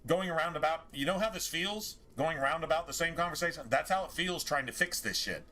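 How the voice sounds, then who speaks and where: A man's voice: on the high side, a little fast, bright, forceful tone. A man streaming a game, rambling casually with a lot of swearing and exasperation. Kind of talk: casual gameplay commentary.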